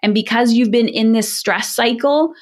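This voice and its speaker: A middle-aged woman talking as a parenting coach in a podcast interview, direct and energetic, often acting out quoted voices. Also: fairly high pitch, moderate pace. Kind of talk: candid podcast interview talk.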